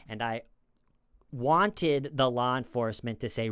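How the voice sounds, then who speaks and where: A man's voice: mid-range voice, steady tone, moderate pace, a bit bright, clear, resonant tone, no room sound. Male true crime commentator, casual and rambling, resonant voice, dry close mic. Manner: rambling, acts out quoted lines in a raised voice.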